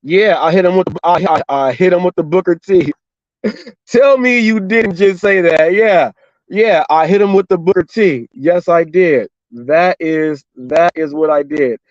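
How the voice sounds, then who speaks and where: A middle-aged man with a fairly high voice tells a story in an animated, repetitive way, acting out both sides of a conversation. The sound is dry and slightly dull, with no room echo. He talks casually, like a driver and show host talking to his regular viewers. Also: moderate pace. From Los Angeles and Orange County, California. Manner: animated, repetitive retelling with quoted dialogue.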